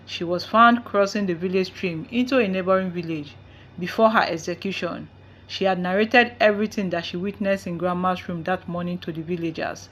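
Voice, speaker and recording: A woman's voice: on the low side, steady tone, brisk, fairly bright tone. A woman narrating a folktale in the first person, reading with drama. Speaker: storyteller.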